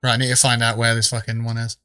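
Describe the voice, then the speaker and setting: A man's voice: mid-range voice, completely flat delivery, fast, bright, forceful tone, clean tone, no room sound. A man live-streaming a game, chatting casually with viewers in a rambling, joking way and swearing freely. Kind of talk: casual live-stream chat while gaming.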